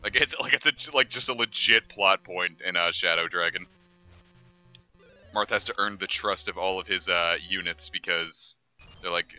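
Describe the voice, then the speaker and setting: Sharp-voiced, rambling joking male streamer. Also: deep voice, moderate pace, soft background music. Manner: joking, rambling asides with many fillers. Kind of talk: casual gameplay commentary.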